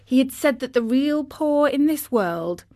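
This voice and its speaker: Woman, storyteller, slow pace, slightly high voice, expressive children's narration. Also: dry recording, clean studio sound. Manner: clear, expressive reading for children.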